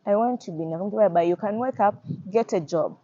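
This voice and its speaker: A woman's voice: mid-range voice, quick pace, mellow. A young woman with a Ugandan accent, speaking earnestly in a personal testimony and often repeating her phrases. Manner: earnest, repeats phrases, acts out quoted voices. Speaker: activist. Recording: slightly muffled audio.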